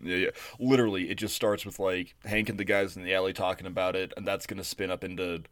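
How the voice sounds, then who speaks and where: A man co-hosting a podcast, rambling and profane, getting animated when he retells stories. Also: sits low, quick pace, dry recording. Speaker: podcast co-host. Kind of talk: casual chat.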